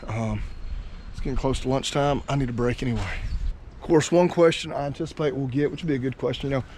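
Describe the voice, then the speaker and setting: A folksy, chatty male farmer vlogs outdoors on his cattle farm, sounding winded and worn out after wrestling a cow. His voice sits at an ordinary middle pitch, and a faint hum of outdoor noise runs underneath. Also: fast, a little mellow. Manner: folksy and chatty, with dad jokes. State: out of breath and tired after working a cow. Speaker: cattle farmer and channel host. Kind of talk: casual farm vlog talk.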